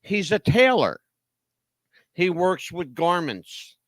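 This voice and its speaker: A man's voice: high voice, big pitch swings, slow, a bit bright, no echo. A man hosting talk radio, telling a story dramatically with rhetorical questions. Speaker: radio host.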